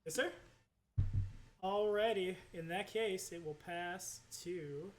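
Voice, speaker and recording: A man running a tabletop game as game master, easygoing and quick to laugh. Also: high voice, a little hiss or hum.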